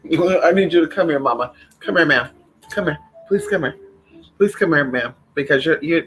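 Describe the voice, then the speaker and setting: A vlogger talking straight to the camera in a loose, profane rant. The pitch jumps around a lot, and the voice has a bright, sharp edge. They keep breaking off mid-thought to call their dogs over. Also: a little slow, faint music behind. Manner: animated, profane, talks to own dogs between remarks.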